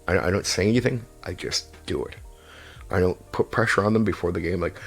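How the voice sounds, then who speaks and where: Gravelly low-voiced man giving game advice. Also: normal speed, fairly bright tone, soft background music. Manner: emphatic and repetitive, swears casually. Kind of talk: casual advice talk.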